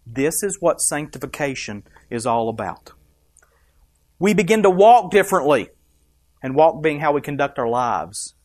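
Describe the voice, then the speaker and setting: A man's voice: fairly high pitch, big pitch swings, moderate pace, darkish tone, dry recording, studio quality. A man preaching a sermon, emphatic and rising and dropping for effect, asking the congregation questions. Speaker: pastor.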